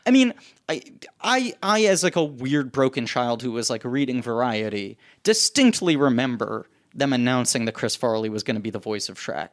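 A man in casual podcast chat, rambling through a story and leaning on fillers. His voice sits at an ordinary middle pitch. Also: lively intonation, moderate pace. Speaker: podcast co-host.

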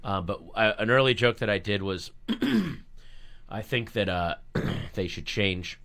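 A man in his thirties from the suburbs of Washington DC, a guest comedian telling stories in casual radio talk-show chat, animated and laughing as he talks, in a radio studio. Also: fairly low pitch, slow pace, vocal fry. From Virginia suburbs of Washington DC, USA. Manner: animated storyteller, laughs while talking.

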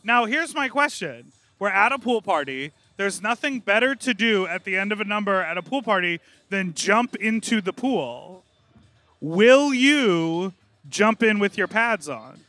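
A man's voice: high voice, lively intonation, bright, forceful tone, dry recording. A man hosting a podcast, interviewing guests at an outdoor hotel pool party with camp, teasing wit. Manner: camp, teasing, quick-witted. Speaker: podcast host. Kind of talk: roving poolside interviews.

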